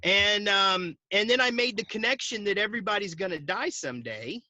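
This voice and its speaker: A man in his forties telling a story in an interview over a video call, animated and laughing often as he acts out the dialogue. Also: high voice, fairly quick, no room sound, lo-fi sound. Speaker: guest, insurance agency owner. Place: at home.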